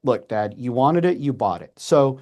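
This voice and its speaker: A man in his forties, a messaging coach and podcast guest, giving casual advice in an animated way with quick restarts and acted-out asides. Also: mid-range voice, dull audio. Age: 40s.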